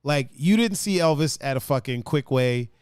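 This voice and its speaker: Animated, profane male podcast host. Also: medium pitch, normal speed, clear, resonant tone, no room sound, studio quality. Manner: animated, profane, reads chat comments aloud. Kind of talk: casual chat.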